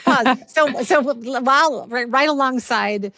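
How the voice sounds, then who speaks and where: A woman hosting a podcast interview, reacting readily, quick to interject and laugh. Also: high-pitched, pushed and bright, dry recording. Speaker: podcast host.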